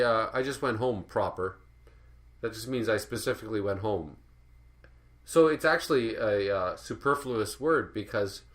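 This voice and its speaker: A man's voice: lowish voice, a bit bright. A man delivering a rambling, profane, sardonic rant as an art commentary vlogger. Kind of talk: ranting monologue.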